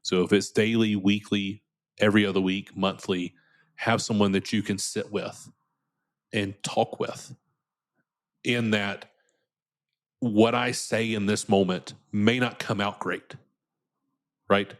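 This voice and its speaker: Low-ish voiced guy on a podcast, earnest, keeps restarting his sentences. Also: level tone, slow pace, long pauses. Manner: earnest, repeats words when starting sentences. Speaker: guest. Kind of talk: candid conversational interview.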